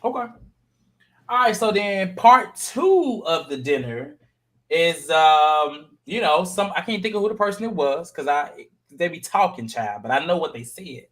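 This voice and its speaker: A man hosting a casual panel chat, animated and jumping into high voices to act out quotes. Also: measured pace. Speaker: podcast panel host recapping a reality show.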